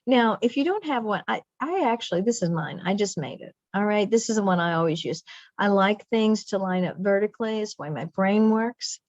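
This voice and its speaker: A woman's voice: mid-range voice, lively intonation, fairly quick, darkish tone, no room sound. A middle-aged woman leading a teacher training lesson in a chatty way, repeating phrases for emphasis. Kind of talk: professional development lesson. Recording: dull lo-fi dry sound.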